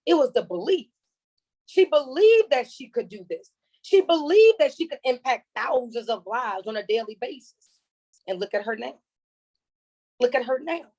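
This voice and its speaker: Host, woman, high register, energetic hype man on a video call, keeps rallying the chat. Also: normal speed, long pauses, husky, poor audio. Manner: energetic, repetitive, calls for chat reactions. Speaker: host of an online training call.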